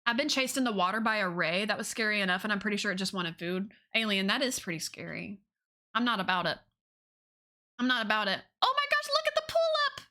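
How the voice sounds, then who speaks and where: A woman's voice: medium pitch, fast, bright, forceful tone. A woman streamer chatting casually with her viewers, bubbly and giggly. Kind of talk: casual chat with viewers while drawing.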